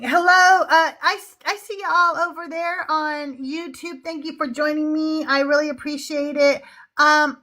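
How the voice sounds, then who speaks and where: A woman's voice: sits high, bright, forceful tone. A middle-aged woman hosting a livestream, chatting casually with viewers, laughing often and trailing off into fillers. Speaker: livestream host.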